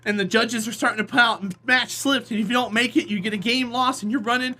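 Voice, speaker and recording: A live streamer telling rambling, animated stories in a casual chat with viewers, often slipping into acted voices. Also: mid-range voice, fast talker.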